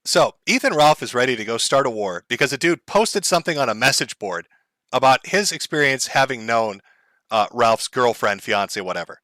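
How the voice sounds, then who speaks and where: A man's voice: medium pitch, animated, moderate pace, pushed and bright, no echo, studio quality. A man hosting a stream, giving profane, mocking commentary and laughing often. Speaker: streamer host.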